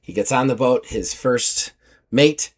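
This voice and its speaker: Man, mid pitch, game master, animated casual narration, lots of fillers. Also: slow. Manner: vivid, animated storytelling with filler "like".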